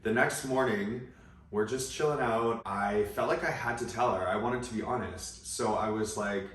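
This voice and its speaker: A man's voice: lowish voice, normal speed, a bit bright, recorded from a distance. A young man telling a personal story in a casual, chatty way full of asides. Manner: chatty, many likes and asides. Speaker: vlogger. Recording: roomy echo, away from mic.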